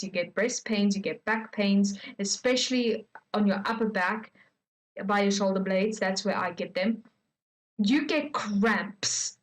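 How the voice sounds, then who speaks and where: On poor-quality audio, a woman with a fairly high voice reads online stories aloud as casual commentary. She chats directly to her viewers and gradually works herself up into a rant.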